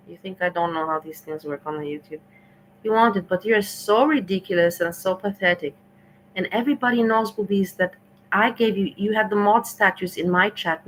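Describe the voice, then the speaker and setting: A woman hosting her own livestream, venting in an indignant, scolding rant that keeps circling back to the same points. Her voice has a bright, forceful edge, with a faint hiss in the background. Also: medium pitch, poor audio. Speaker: livestream host. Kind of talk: ranting livestream commentary.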